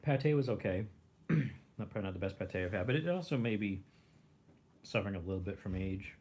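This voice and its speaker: A man hosting a casual livestream, rambling, clearing his throat and chewing as he talks. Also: low voice, animated, quick pace, darkish tone. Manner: rambling, clears throat, chews while talking. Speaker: livestream host reviewing rations.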